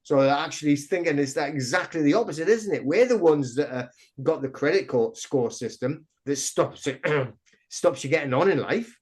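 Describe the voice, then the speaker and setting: A middle-aged man, a podcast guest telling stories in a rambling, excitable way full of restarts. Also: a little high, normal speed. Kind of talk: casual interview chat.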